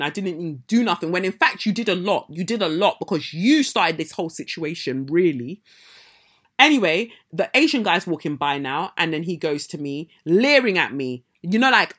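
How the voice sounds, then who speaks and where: A woman hosting a podcast, telling a story in a heated, emphatic casual monologue. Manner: emphatic, heated, rises in pitch and loudness when indignant. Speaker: podcast host.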